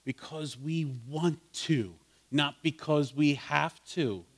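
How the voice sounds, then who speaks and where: A man leading a Bible study in an interactive sermon style. His voice sits a little higher than most. He talks casually with his listeners, asks them questions, and rises to fervent emphasis on key points. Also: slow. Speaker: pastor teaching a Bible study.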